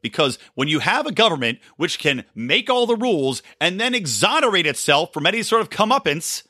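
A man's voice: on the high side, pushed and bright, breathy edge, no echo, clean studio sound. A man hosting a podcast, ranting sarcastically about politics and swearing freely, short on sleep. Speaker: podcast host. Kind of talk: solo political commentary.

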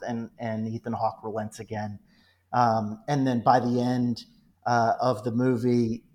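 A man talking casually as a podcast guest, retelling film scenes in an animated, joking way. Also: medium pitch. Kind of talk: casual movie podcast chat.

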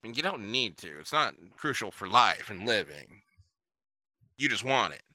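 A man's voice: fairly low pitch, moderate pace, no room sound. A man co-hosting a casual chat, telling profane stories and acting out the people in them. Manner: profane, animated storyteller doing voices. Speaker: podcast co-host.

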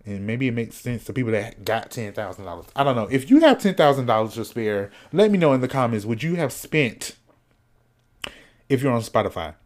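A man's voice: medium pitch, fairly quick. Solo podcast host, male, sassy and loose, cusses freely, snacks on mic, mid-range voice. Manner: sassy, animated, cussing, talks to himself; snacking while talking. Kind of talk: casual solo podcast chat.

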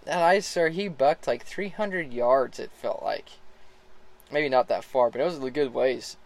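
A man's voice: mid-range voice, measured pace, vocal fry, rough recording. Easygoing man telling a riding story. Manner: relaxed, laughs often, restarts sentences. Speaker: horse rider starting a young colt. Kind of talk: casual spoken storytelling.

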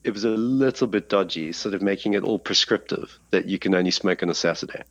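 A man's voice: low-pitched, fast talker, no echo, highs cut off. A man co-hosting a podcast in casual chat, wry and laughing often.

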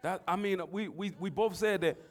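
Animated preacher, high-pitched man. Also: normal speed. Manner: animated, swings from soft storytelling to shouting. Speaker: pastor. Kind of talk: sermon.

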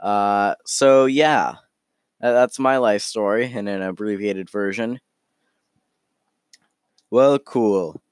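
Man playing a halting lonely nice guy. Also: fairly low pitch, clear, resonant tone, no room sound, clean studio sound. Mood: earnest. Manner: halting, rambling. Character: gentle lonely young man, once depressed.

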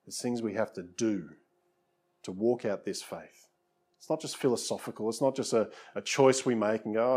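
A man's voice: lowish voice, normal speed, long pauses, darkish tone, breathy edge. A man preaching a conversational sermon as pastor, often saying "you know" and repeating words, then leading a prayer.

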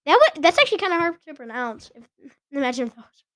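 High-voiced chatty woman podcaster. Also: expressive, fast talker, pushed and bright, no echo, clean studio sound. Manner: chatty, giggly, stumbles over names. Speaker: podcast host. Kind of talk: casual sports chat.

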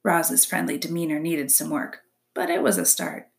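A woman narrating a children's novel aloud in an expressive storybook reading. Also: deep voice, normal speed, vocal fry.

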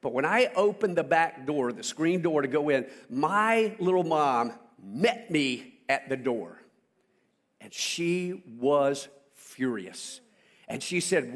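A man's voice: fairly high pitch, lively intonation, takes it slowly. A middle-aged man from South Carolina preaching a sermon in church, telling a childhood story with call-and-response. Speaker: pastor.

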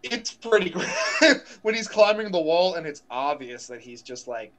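A young man talks casually with a co-host, animated and slangy, leaning on fillers. His voice sits a little high. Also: normal speed. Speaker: podcast co-host. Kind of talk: casual chat.

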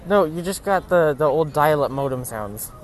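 Guy w/ dry one-liners, slightly high voice. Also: lively intonation, moderate pace. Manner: dry, wisecracking interjections. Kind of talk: casual chat.

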